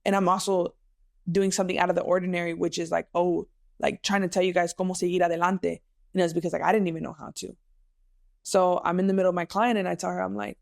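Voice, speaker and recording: Candid woman with vocal fry. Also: lowish voice, level tone, fast talker, no room sound, clean studio sound. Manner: emotional, candid storytelling with Spanish phrases mixed in. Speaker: podcast host. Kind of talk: casual personal podcast monologue.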